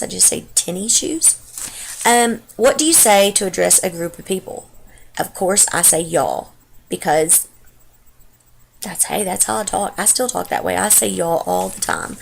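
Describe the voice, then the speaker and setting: Gravelly-voiced Texan woman chatting. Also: medium pitch, slight background noise. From Texas. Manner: rambling and unsure, with many ums and trailing asides. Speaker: vlogger. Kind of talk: casual dialect-tag chat.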